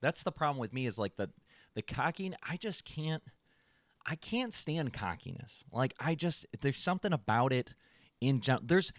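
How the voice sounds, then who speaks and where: Guy on a podcast telling a story, really animated, does voices for people, dry close sound. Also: mid-range voice, normal speed, no echo. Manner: animated, acts out quotes in a raised voice. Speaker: podcast co-host. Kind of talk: casual storytelling chat. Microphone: studio podcast mic.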